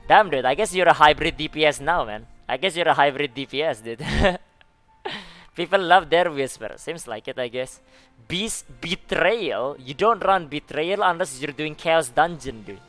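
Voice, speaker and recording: This man's voice is fairly high, expressive, and fairly bright, and he speaks unhurriedly. Reacting to game forum posts on a live stream with faint music in the background, he keeps things chatty and laid-back, laughing and tossing in "man" and "dude."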